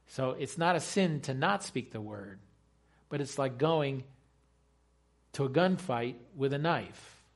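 A man's voice: mid-range voice, animated, slow pace, pauses often. A man preaching a sermon in an emphatic way, using rhetorical questions and repeating key phrases.

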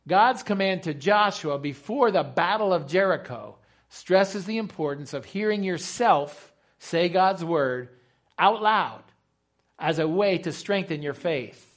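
A man's voice: high voice, animated, unhurried. A man preaching a sermon in an emphatic way, using rhetorical questions and repeating key phrases.

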